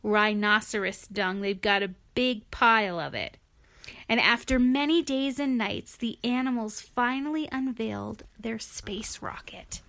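A woman reading a picture book aloud to a child, gentle and playful, stopping for chatty asides. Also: a little high, unhurried, vocal fry. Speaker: reader to a child.

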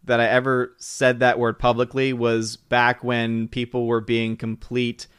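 A man's voice: mid-range voice, completely flat delivery, unhurried, a bit bright, clear, resonant tone, dry recording. Man, stream host, upbeat, reads chat aloud, dry close sound. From southern United States. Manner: upbeat, greets viewers by name. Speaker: livestream host. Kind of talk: casual live stream chat, reading comments.

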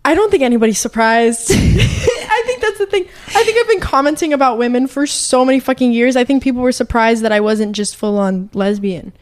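A young woman co-hosting a podcast from her home, chatting in a playful, giggly and animated way. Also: on the high side, fairly quick, few pauses. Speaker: podcast co-host. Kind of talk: casual chat.

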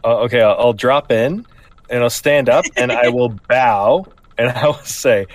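A man's voice: medium pitch, measured pace. A man in casual chat as a player in a tabletop role-playing game, playful.

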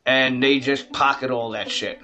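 A man's voice: medium pitch, steady tone, normal speed, pushed and bright. A man giving a heated, profane casual political rant, speaking straight to his audience as folks. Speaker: vlogger.

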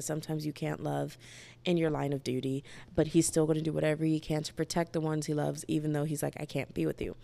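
A young woman talks through a book series in a casual, gushing vlog, full of asides and "like". Her voice sits low for a woman and has a gravelly fry running through it. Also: fast talker. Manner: animated, gushing, chatty with lots of "like". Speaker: book vlogger. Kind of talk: casual book review chat.

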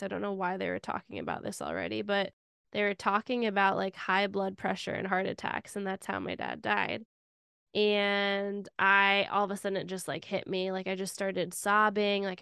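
A woman's voice: medium pitch, creaky, fairly bright tone, clean tone, dry recording, clean studio sound. A young adult woman hosting a podcast, telling a personal story in a candid, conversational way with lots of "like" fillers. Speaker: podcast host.

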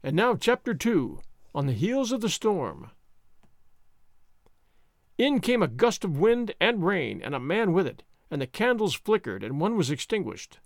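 A man narrating an audiobook in an expressive, dramatic storytelling way. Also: high-pitched, measured pace, creaky, dry recording, studio quality. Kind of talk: audiobook reading.

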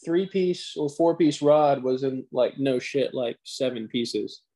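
A man co-hosting a podcast, telling stories in an animated, profane, casual way, full of fillers. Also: medium pitch, a little slow, poor audio. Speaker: podcast co-host. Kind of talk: casual chat.

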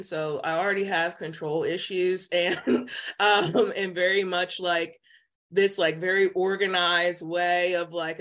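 A woman speaking as a podcast guest, telling a personal story in casual chat, filled with "like" and lively quoted voices. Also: fairly low pitch. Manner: chatty, many "like" fillers, animated quoting voices. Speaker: podcast guest, psychic intuitive.

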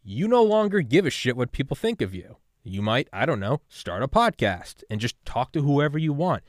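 A man hosting a podcast in casual talk, rambling and swearing, sliding between quiet musing and loud fired-up pep talk. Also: medium pitch, big pitch swings, moderate pace, no room sound, studio quality. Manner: rambling, profane, swings from subdued to loud and fired-up. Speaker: podcast host. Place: home room with gaming setup.

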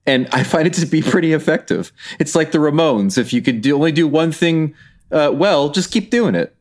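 A man's voice: fairly high pitch, animated, moderate pace. A man who is a podcast guest, chatting casually and joking wryly.

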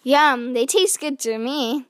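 A woman's voice: high voice, takes it slowly, no room sound, clean studio sound. A woman voicing an easygoing young boy in a storybook, speaking matter-of-factly. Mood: cheerful.

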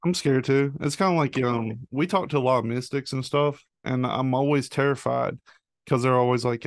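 Male guest, very gravelly fry, mid pitch, dry room. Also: steady tone, no room sound. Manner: halting, full of "like" fillers. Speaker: podcast guest. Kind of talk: casual chat.

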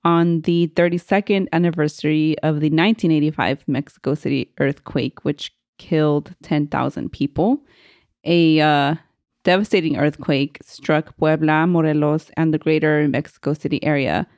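Giggly low-voiced woman podcaster. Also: steady tone, moderate pace, a little mellow, no room sound. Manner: giggly, chatty, reading from notes. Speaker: podcast co-host. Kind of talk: casual chat, reading notes.

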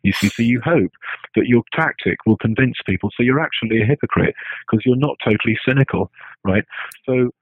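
A man's voice: mid-range voice, fairly quick, slightly rough, no room sound. A man in casual, hesitant talk who restarts his phrases and keeps checking in with "right?". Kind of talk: casual spoken musing. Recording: tinny phone-like line, dry.

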